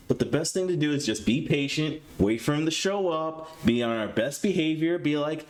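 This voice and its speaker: A young man hosting a live stream in casual chat, nervous and excitable, stammering and rambling. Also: fairly high pitch, brisk, a little hiss or hum. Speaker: streamer host.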